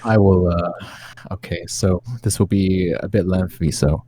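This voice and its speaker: A laid-back male game master narrating a tabletop session, often pausing on fillers. His voice sits very low and sounds mellow and husky. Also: steady tone, low-quality recording.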